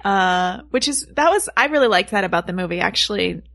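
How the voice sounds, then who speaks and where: A woman co-hosting a podcast, chatting playfully about a film with vocal fry. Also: mid-range voice, lively intonation, a bit bright, no echo. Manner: playful, quick asides. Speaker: podcast co-host. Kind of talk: casual movie-podcast chat.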